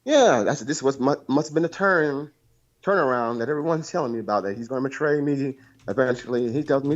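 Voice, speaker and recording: A man's voice: medium pitch, animated, a little fast, dull audio. A man calling in to a live talk show, telling a long story in a rambling, profane way over a call line. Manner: rambling, profane, repeats himself. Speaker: caller.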